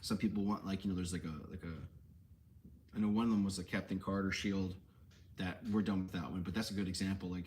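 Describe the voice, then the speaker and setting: Low-voiced guy rambling through a live q&a, keeps restarting sentences, faint hiss behind. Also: steady tone, fairly quick. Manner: rambling, self-correcting, casual slang. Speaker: collectibles shop owner hosting a Q&A. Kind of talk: casual livestream Q&A.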